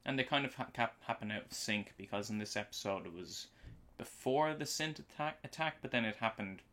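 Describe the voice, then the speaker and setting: Recording from a home basement, a man co-hosts a casual live podcast episode, rambling with frequent fillers and restarts as they discuss things. He has a medium pitch, a sharp tone, and a fairly quick pace.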